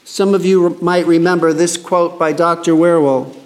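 Man teaching the Bible, slightly high voice. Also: fairly even intonation, darkish tone. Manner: conversational, reads scripture slowly and emphatically.

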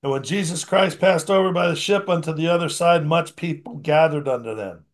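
A man with a slightly high-pitched voice delivers a sermon, reading scripture aloud and then unpacking it in plain, conversational talk. He swings between emphatic, raised bursts and soft, almost mumbled asides. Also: a little fast. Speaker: preacher.

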